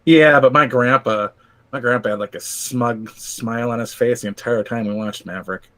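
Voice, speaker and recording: A man's voice: medium pitch, normal speed, a bit bright. A man chatting casually on a podcast, rambling with lots of fillers, cracking crude jokes and laughing often. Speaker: podcast co-host. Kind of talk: casual chat.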